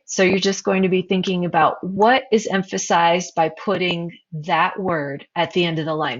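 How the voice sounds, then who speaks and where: A woman's voice: lowish voice, a bit bright, lo-fi sound. A woman teacher narrating a recorded slideshow lesson, explaining terms and posing questions to her students.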